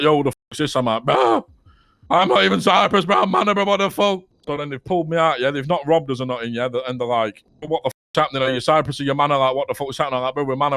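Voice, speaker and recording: A man's voice: mid-range voice, a bit bright, no room sound. Young guy, roleplay storyteller, rambly and sweary, dry close sound. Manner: rambling, swears a lot, keeps laughing at his own story. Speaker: roleplay player telling a story. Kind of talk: casual in-character storytelling.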